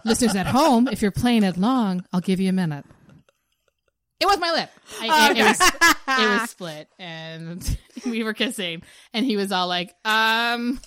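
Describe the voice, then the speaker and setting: A woman's voice: medium pitch, animated, moderate pace, fairly bright tone. Chatty laughing woman storyteller. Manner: chatty storyteller, laughs often, acts out quotes. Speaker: podcast co-host. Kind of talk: casual chat.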